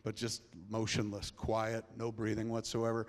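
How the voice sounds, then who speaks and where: A middle-aged man telling a personal story live on stage, profane and rambling, his voice dropping to a hush and then rising loud. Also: lowish voice, completely flat delivery, normal speed. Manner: profane, rambling, swings between hushed and loud. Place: large theater before a live audience. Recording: long reverb of a large hall.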